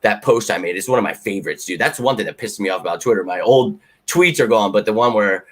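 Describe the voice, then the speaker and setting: A man hosting a live fan Q&A stream, excitable and rambling, swearing freely as he answers viewers. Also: fairly low pitch, fast talker. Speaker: fan channel host. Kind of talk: live Q&A chat.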